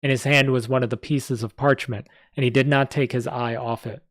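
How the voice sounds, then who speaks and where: A man's voice: mid-range voice, fairly even intonation, a little fast, dry recording. A man reading a story aloud on a live stream, with small slips and asides. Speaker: story reader.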